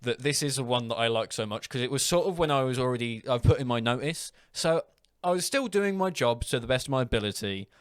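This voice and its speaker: A man's voice: mid-range voice, lively intonation, fast talker, few pauses, smooth, no echo, studio quality. A young man hosting a casual podcast, rambling through anecdotes and laughing often. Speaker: podcast host. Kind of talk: casual chat.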